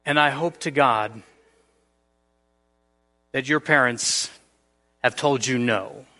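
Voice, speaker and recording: A man preaching a sermon in a church, explaining scripture and acting out everyday scenes in a lively way. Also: mid-range voice, slow pace, in a large hall. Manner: animated, acts out everyday scenarios. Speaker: pastor. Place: church sanctuary.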